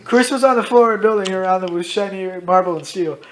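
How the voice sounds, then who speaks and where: A man casually reading out his own story, dropping into loud voices for its characters. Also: high voice, quick pace, slight background noise. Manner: switches into loud shouted character lines, swears freely.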